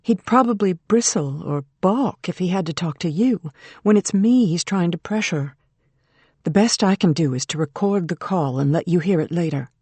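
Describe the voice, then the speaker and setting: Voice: medium pitch, lively intonation, normal speed, husky, no room sound. Audiobook role: strained, defiant woman, voiced by the narrator, dry studio sound. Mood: tense. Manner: tense, bitter, forceful. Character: determined mother under strain, adult woman. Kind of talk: audiobook character reading.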